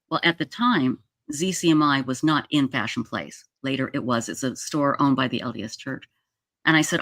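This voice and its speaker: A woman's voice: very deep voice, expressive, moderate pace, a bit bright, no echo. Woman in her 60s from utah telling a story on a livestream, rambly, lots of restarts, dry close mic. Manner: chatty, rambling, with many restarts. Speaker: livestream host. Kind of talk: casual storytelling. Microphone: streaming setup mic.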